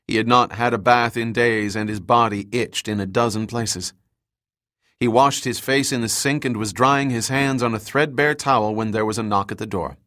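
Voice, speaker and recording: A man reading an audiobook in measured scripted narration. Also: mid-range voice, steady tone, pushed and bright, no room sound, studio quality.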